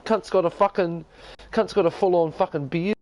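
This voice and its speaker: A man's voice: sits high, fairly even intonation, moderate pace, darkish tone, poor audio. A man with a New Zealand accent chatting casually as a game streamer from his lounge, rambling and profane. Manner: rambling, profane and laid-back. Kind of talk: casual chat. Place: lounge at home.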